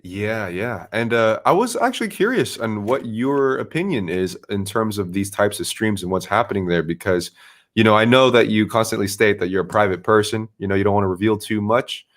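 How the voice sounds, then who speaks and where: A man who live streams, excitedly retelling an adventure in a casual, swearing chat. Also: on the low side, a little fast.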